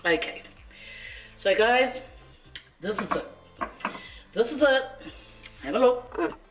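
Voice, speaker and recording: Cooking in her home kitchen, a woman vlogger chats playfully and jokes with viewers as she goes, with faint music in the background. Her voice is fairly high and lively in intonation, and she speaks slowly.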